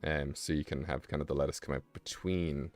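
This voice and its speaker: A man's voice: very deep voice, steady tone, a little fast, no room sound. A young British man streaming live, chatting casually and rambling with self-mocking asides while he draws. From Britain.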